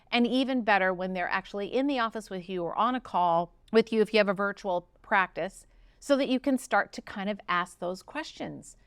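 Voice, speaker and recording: A woman hosting a podcast, coaching in a casual, enthusiastic way and acting out little dialogues with big jumps in pitch. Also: a bit bright, no room sound, clean studio sound. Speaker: podcast host and practice coach.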